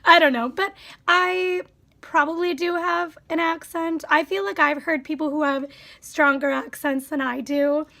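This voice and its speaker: A woman's voice: very high-pitched, fairly bright tone. A young woman from Wisconsin with a Wisconsin accent, chatting casually through a quiz for her vlog and musing aloud. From Wisconsin, USA. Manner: chatty, musing, drops into whispers. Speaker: vlogger.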